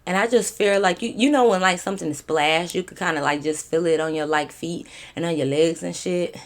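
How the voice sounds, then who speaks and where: Fairly low-pitched and fairly quick, this young storytime vlogger recounts her tale casually. She's lively and profane, her talk peppered with fillers.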